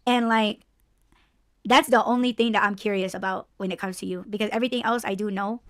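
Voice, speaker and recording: Excitable laughing woman podcast host. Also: medium pitch, fairly quick, no echo, studio quality. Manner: excitable, expressive, laughs often. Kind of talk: casual podcast chat.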